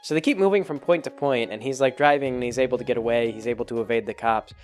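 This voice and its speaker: A man's voice: mid-range voice, fast, soft background music. A man vlogging a casual, rambling movie recap with lots of jokes, fillers and self-corrections.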